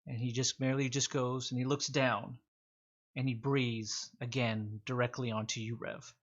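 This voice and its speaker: Game master: male, descriptive tabletop narration, mid pitch, dull lo-fi sound. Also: little pitch movement, normal speed. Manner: descriptive narration with filler words.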